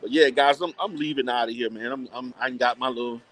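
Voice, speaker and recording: A mid-range male voice, fairly quick, talks casually to a live audience as he browses a mall. He comes across as blunt and lively, laughing often and saying things more than once.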